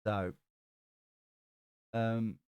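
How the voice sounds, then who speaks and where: A man's voice: fairly low pitch, steady tone, drawn-out words, a little mellow, clean tone, dry recording. A man hosting a live tarot stream, chatting casually, laughing often and swearing now and then as he reads out chat. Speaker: tarot reader and stream host.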